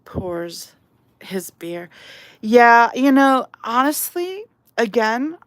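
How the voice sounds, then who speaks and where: A woman's voice: a little high, sing-song, extremely slow, no room sound. A woman hosting a casual live stream while painting, chatty and self-deprecating, reading chat aloud. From outside England. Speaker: livestream host.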